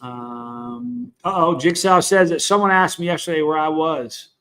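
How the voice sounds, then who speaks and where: A man's voice: on the high side, expressive, a little slow, fairly bright tone. A middle-aged man with a Southern US accent, hosting a casual livestream, talking frankly and rambling while greeting viewers in the chat. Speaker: livestream host.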